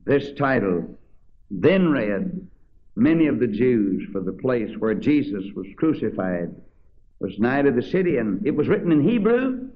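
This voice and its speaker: A male preacher with a lively, swooping delivery reads the old King James verses with dramatic weight. He then drops into plain, conversational commentary. The recording sounds dull and lo-fi. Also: mid-range voice, unhurried. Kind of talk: sermon reading scripture aloud with commentary.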